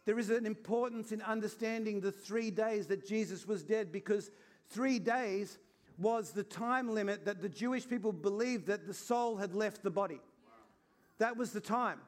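A man preaching an Easter sermon in an earnest, conversational way, acting out little scenes as he goes. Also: high-pitched. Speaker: pastor.

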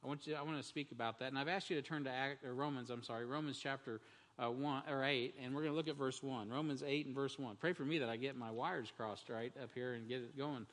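A man's voice: mid-range voice, fairly even intonation, fast talker, a bit bright. A man preaching a Sunday morning sermon as pastor, in a conversational style with frequent restarts and fillers. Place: church sanctuary. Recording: long church-hall reverb.

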